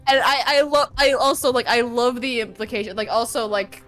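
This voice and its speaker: A woman's voice: on the high side, brisk, fairly bright tone, faint music behind. Profane, filler-heavy woman co-host. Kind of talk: casual stream chat.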